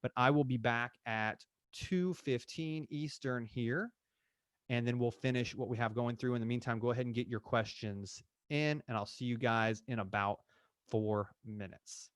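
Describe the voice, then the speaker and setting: A man's voice: medium pitch, normal speed, clean tone, dry recording, clean studio sound. A man coaching real estate agents in a live online session, acting out client and agent dialogue with energy.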